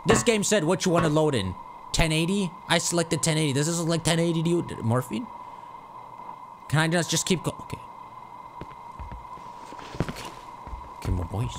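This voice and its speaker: Excitable man yelling through a horror game. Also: fairly high pitch, background noise. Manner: excitable, jokey, yells at the game. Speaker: gaming streamer. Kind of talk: casual let's-play commentary.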